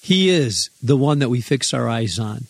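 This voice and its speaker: A man's voice: mid-range voice, expressive, normal speed, gravelly, no echo. Earnest, encouraging pastor man. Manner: earnest, encouraging, exhorting listeners. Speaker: senior pastor, guest. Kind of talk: radio conversation.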